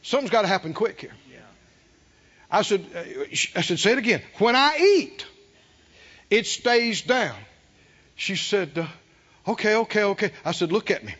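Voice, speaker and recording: A man preaching a sermon, fervent and rising to emphatic shouts. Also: high-pitched, expressive, moderate pace, long pauses. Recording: dull lo-fi sermon recording.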